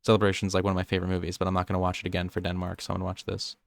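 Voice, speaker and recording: Young guy, rambly nerdy podcast chat, quick, smooth dry voice. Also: sits low, monotone, no room sound. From United States. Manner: rambling, nerdy, self-interrupting. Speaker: podcast co-host. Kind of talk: casual chat.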